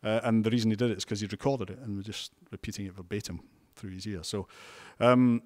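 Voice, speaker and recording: A man's voice: fairly low pitch, fairly even intonation, fast. A Scottish man, a television news presenter, giving chatty interview answers full of restarts and wry asides. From Scotland.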